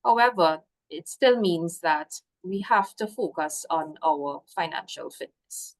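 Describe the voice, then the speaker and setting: A woman's voice: lowish voice, expressive, measured pace. A woman presenting a business workshop over a video call, encouraging and working through a list of points. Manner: encouraging, lists points, frequent "so". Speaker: workshop guest host. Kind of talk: webinar presentation.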